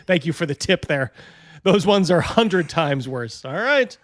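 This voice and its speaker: A man's voice: a little high, expressive, measured pace, fairly bright tone. A man hosting a live reaction stream, mocking and laughing in casual commentary.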